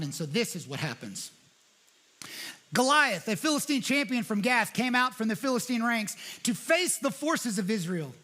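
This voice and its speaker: A man with a high, bright voice preaches a sermon as a guest pastor. He tells the story in a casual, conversational way and slips into voices for the quotes.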